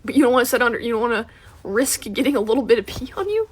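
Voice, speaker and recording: A woman joking around in casual chat, animated and rapid. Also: fairly high pitch, breathy edge.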